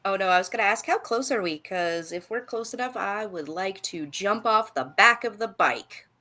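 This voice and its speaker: A woman's voice: medium pitch, moderate pace, bright, forceful tone. A woman playing in a tabletop game, chatting playfully with lots of fillers. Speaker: player. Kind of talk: tabletop role-play chat.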